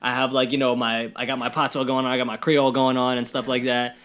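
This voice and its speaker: A man's voice: medium pitch, completely flat delivery, fast talker, a bit bright. Chatty man hosting a podcast. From New York. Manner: rambling, many fillers and restarts. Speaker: podcast host. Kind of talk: casual interview chat.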